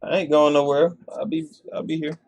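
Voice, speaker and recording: A man's voice: a little high, flat delivery, a little fast, a little mellow, faint music behind. A man streaming a live reaction, sleepy and chatty, restarting his sentences often. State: sleepy, yawning. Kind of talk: casual live reaction commentary.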